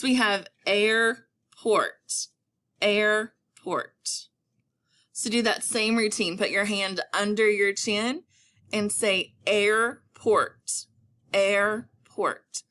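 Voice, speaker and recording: A woman teacher giving a recorded phonics lesson to young children, speaking slowly and encouragingly with clearly enunciated words. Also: medium pitch, expressive, a bit bright. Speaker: elementary school teacher.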